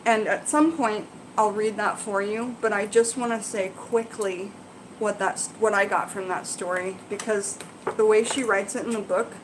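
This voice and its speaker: A woman's voice: mid-range voice, steady tone, normal speed, background noise. A woman hosting a casual live Q&A, reading passages aloud and explaining them in a chatty, rambling way with asides to viewers. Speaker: herbalism channel host.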